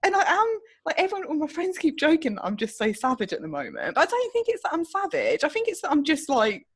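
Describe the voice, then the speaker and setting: Animated outspoken woman. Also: high voice, quick pace. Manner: animated, blunt and outspoken, swears freely. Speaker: podcast co-host. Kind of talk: casual chat.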